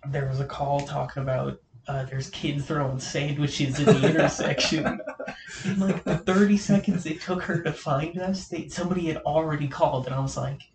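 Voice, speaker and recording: A man's voice: a little high, steady tone, moderate pace, gravelly, hardly any pauses. A young man hosting a casual podcast, telling a rambling story with lots of fillers and laughs. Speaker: podcast host. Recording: echoey room with faint noise.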